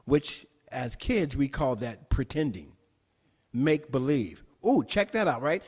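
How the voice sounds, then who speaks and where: A man preaching a sermon with a fairly high voice, taking his time over each phrase. He repeats lines for emphasis and climbs into excited declarations. His voice rings out with the long reverb of a church hall. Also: unhurried. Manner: repetitive, emphatic preaching with rising exclamations. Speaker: minister. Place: church sanctuary.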